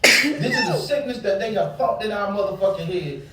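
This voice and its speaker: A man's voice: high voice, wildly swooping pitch, moderate pace, distant mic. A man ranting angrily and profanely in a casual heated talk, preaching at his listeners about relationships. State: angry. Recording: very echoey room, off-mic, faint background hum.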